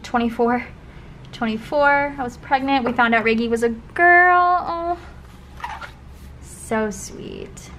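A young woman flipping through her old planner spreads in a casual vlog, often trailing into soft, breathy gushing asides. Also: fairly high pitch, moderate pace. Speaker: planner vlogger. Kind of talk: casual flip-through commentary. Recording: faint background noise.

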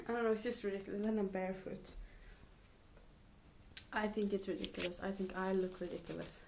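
A woman's voice: mid-range voice, fairly even intonation, brisk, vocal fry, slight background noise. A teenage girl rambling casually in a home vlog, giggling and mocking herself between thoughts. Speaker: vlogger.

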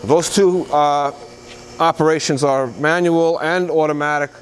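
A man with a slightly raised pitch talks through an unscripted machine demo on an indoor shop floor. He is plain-spoken and halting, and fills his pauses with "uh" and "um". A faint hum sits under his voice. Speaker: used machinery dealer. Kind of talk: unscripted product demonstration.

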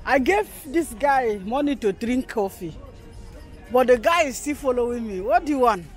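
A woman's voice: a little high, expressive, moderate pace. Woman filming herself at an open-air market, chatty and laughy, music going under her voice. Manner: chatty, talks to viewers, laughs often. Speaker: vlogger. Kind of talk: casual walking vlog. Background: background music.

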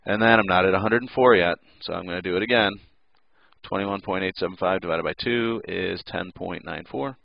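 A man's voice: low voice, fairly quick, creaky, no room sound, muffled recording. A male teacher giving a casual recorded lesson, joking and making playful sound effects.

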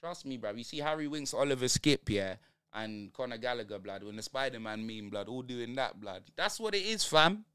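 A young man with a London accent calls a match live for his stream, piling on slang and exclamations. His voice is bright and carrying, with a smooth, clean tone. He moves quickly between rants about the team and outbursts at the play. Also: mid-range voice, expressive. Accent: London multicultural English. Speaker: football watch-along streamer. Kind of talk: live watch-along commentary.

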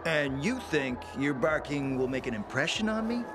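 A man's voice: a little high, expressive, moderate pace, over music, natural voice. A man voicing a smug, sneering boss. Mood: contemptuous. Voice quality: sneering, mocking. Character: smug, contemptuous man who runs a trade group.

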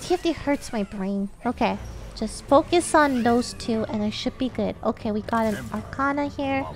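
Excitable high-voiced woman gamer. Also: normal speed, soft background music. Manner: excitable, chatty, thinking aloud. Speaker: streamer playing an online strategy game with friends. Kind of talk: casual gaming chat.

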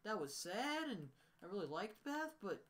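A man's voice: sits high, very animated, normal speed, a bit bright. A man ranting into his camera for a casual vlog, upset and emotional. He rambles along, cutting himself off and restarting his sentences as he goes. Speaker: vlogger.

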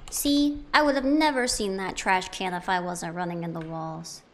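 A woman's voice: fairly low pitch, fairly even intonation, moderate pace. A young woman giving casual, playful commentary while playing a video game, chatting to the objects she finds. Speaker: let's play gamer.

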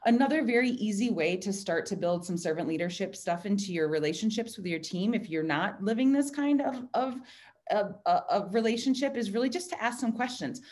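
A woman talking casually about leadership on a video call, chatty and animated, quoting herself in lively asides. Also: mid-range voice, a little fast. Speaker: design director speaking at a virtual happy hour.

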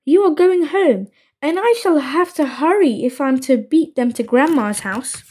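A woman's voice: sits high, expressive, a little slow. A woman voicing a sly, scheming male komodo dragon in a storybook reading. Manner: scheming, then frantic and shouting when burned.

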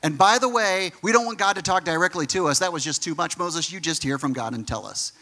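With a sharp tone and a voice pitched a little high, a male pastor talks a little fast to his congregation. His sermon is earnest and conversational, full of repeated words aimed right at the people in front of him.

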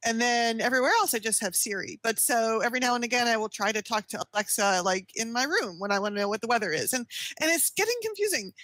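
A woman's voice: fairly high pitch, lively intonation, fast, a bit bright, dry recording. A woman on a casual podcast panel, chatting easily and filling her talk with "like" and "you know".

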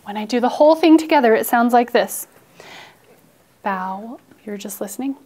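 A woman teaching a phonics lesson to a class, playfully dramatic and coaxing, with sighs and hushed asides. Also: fairly high pitch, lively intonation, normal speed.

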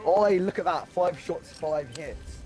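A man's voice: sits high, a little slow. A man with a British accent chatting casually while playing a game with friends, with dry, teasing banter. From Britain. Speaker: gaming teammate. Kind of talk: casual gaming chat.

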